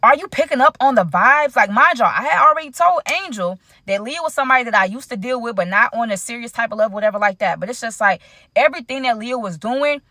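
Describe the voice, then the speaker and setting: Young adult woman vlogger, lively slangy storytime delivery, dead-dry room. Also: on the high side, quick pace, no room sound. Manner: animated, slangy, addresses viewers as y'all. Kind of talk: casual storytime.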